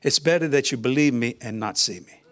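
An older man, a minister guest, telling a personal testimony in an interview, animated, chuckling often and acting out the voices he quotes. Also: medium pitch, fairly quick.

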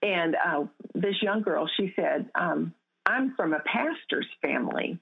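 A woman's voice: on the low side, animated, measured pace, creaky, husky. A woman guest telling a faith testimony in an interview, speaking earnestly with frequent restarts. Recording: tinny phone-line sound.

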